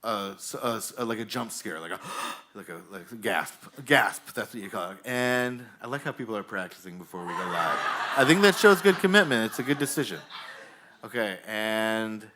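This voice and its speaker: Against a noisy background, a lowish-voiced man with lively intonation hosts comedy on a bar stage. Directing the crowd, he's rambling, halting and jokey, leaning heavily on fillers.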